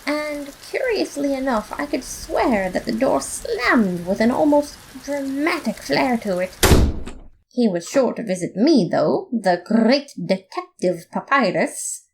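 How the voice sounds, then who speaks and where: Playful, lively woman narrating a comic story. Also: high voice, takes it slowly, gravelly, slight background noise. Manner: playful, expressive. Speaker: podfic reader.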